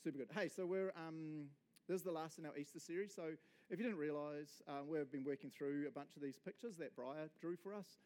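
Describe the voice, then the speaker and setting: A man's voice: fairly high pitch, brisk. A man with a New Zealand accent, a pastor giving a casual, jokey sermon full of asides to the congregation. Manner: jokey, energetic, chatty with frequent asides to the congregation. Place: church service.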